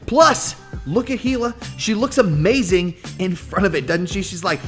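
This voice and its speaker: A man's voice: sits high, very animated, brisk, hardly any pauses, a bit bright, faint music behind. A young man hosting a casual dog vlog, goofy and playful, joking with rhyming slang and talking to his dogs at home. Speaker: vlog host.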